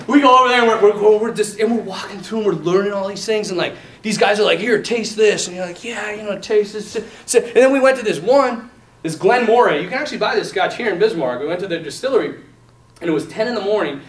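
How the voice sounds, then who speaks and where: Animated storyteller man in an echoey room. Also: high voice, distant mic, slight background noise. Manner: animated, self-mocking, acts out quoted voices. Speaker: priest telling a story. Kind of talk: lively storytelling talk.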